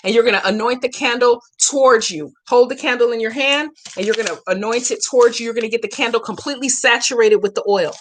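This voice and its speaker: A woman's voice: a little high, fast talker, few pauses, slight background noise. A woman hosting a live Q&A as a hoodoo practitioner, chatting brashly and profanely with viewers and walking them through a spell step by step. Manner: slangy, emphatic instructions. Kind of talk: casual livestream Q&A and spell tutorial.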